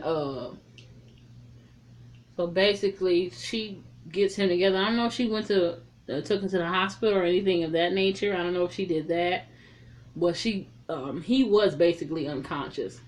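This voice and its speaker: A woman giving a casual, chatty spoken recap of a film. She retells the scenes in an animated way and swears freely. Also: lowish voice. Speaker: film reviewer.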